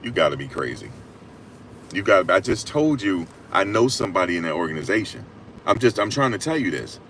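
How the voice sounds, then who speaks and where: A man giving casual, emphatic sports talk on a live stream, repeating his points and rising to loud peaks. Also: sits low, sing-song, a little fast, a little hiss or hum. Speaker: sports commentator.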